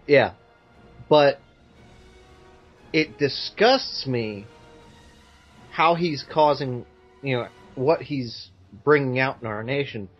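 A man's voice: mid-range voice, takes it slowly, long pauses, dull audio, soft background music. A man co-hosting a casual podcast, giving his views with many "you know" fillers. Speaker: podcast co-host. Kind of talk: casual chat.

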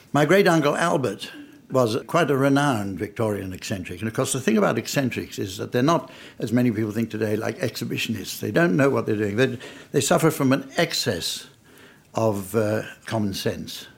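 Older raconteur, gravelly and a bit husky, dry wit, storytelling to a laughing audience. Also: male voice, mid-range voice. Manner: dry, wry, understated delivery with audience laughter. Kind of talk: anecdotal storytelling talk.

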